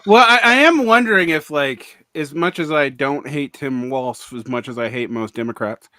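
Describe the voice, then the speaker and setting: A man's voice: on the high side, normal speed, bright, forceful tone, dry recording, clean studio sound. A man co-hosting a casual political podcast, talking in a wry, hesitant way with many fillers. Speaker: podcast co-host.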